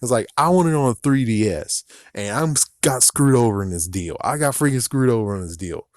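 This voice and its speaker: A man's voice: medium pitch, expressive, a little fast, dry recording, studio quality. A young man ranting angrily about video games, swearing and mocking the fans he is angry at. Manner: angry, profane ranting with mocking quoted voices. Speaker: video game commentator. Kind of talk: rant vlog.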